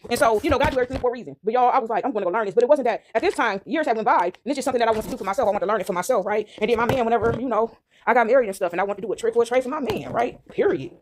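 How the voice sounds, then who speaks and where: A woman's voice: on the high side, racing, noisy background. A woman vlogging in a casual monologue to her viewers, emphatic and repetitive, who keeps checking in with "right?".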